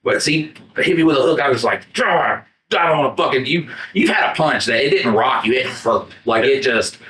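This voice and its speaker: A man co-hosting a podcast tells a rambling story in casual chat and acts out his own lines along the way. His voice is bright and forceful. He is recorded from across an echoey room, not up close on a mic. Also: medium pitch, moderate pace. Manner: animated, profane, acts out his own quotes. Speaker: podcast co-host. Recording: roomy sound from a distant mic, not the podcast mics.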